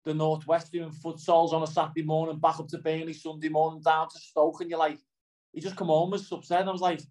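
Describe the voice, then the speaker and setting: A middle-aged footballer with a Liverpool accent chats through a casual interview, rambling and often asking "do you know what I mean". His voice is a little high, level and fast, with a slightly mellow quality. The recording is low-quality.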